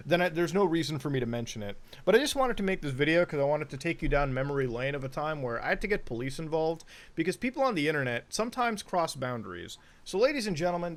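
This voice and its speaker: A young man talks through old messages in loose, casual commentary, his voice sitting a little high for a man. He is blunt and sarcastic and swears without holding back. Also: fairly bright tone. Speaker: YouTube commentator.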